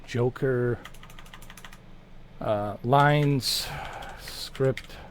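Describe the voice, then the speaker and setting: A man's voice: medium pitch, very slow, slight background noise. A man hosting a gaming channel, chatting in a casual, rambling way and swearing freely.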